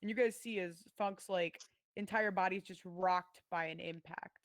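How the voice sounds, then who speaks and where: A woman's voice: lowish voice, fairly even intonation, normal speed, no room sound, studio quality. A woman narrating as game master in a tabletop game, casual and hesitant, with many fillers.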